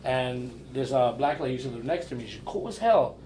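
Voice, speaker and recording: A man's voice: mid-range voice, fairly quick, a little hiss or hum. A man on a podcast as a guest, casually telling stories and acting out the voices in them. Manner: animated storyteller who acts out voices in his tales. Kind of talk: casual storytelling.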